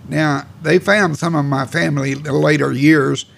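A man's voice: fairly high pitch, steady tone, moderate pace, creaky, slight background noise. A man, telling his life story in a folksy, rambling, plainspoken way. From Oklahoma. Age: 80s. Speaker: oral history interviewee. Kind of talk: casual storytelling reminiscence.

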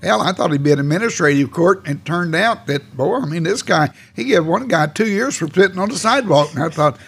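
An old man in his eighties, his voice gravelly and a little husky, and pitched fairly high for a man. He rambles through his life story in a folksy, plainspoken way, with the odd mild curse. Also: lively intonation, fairly quick, fairly bright tone. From Oklahoma. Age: 80s. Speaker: oral history interviewee. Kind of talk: casual storytelling reminiscence.

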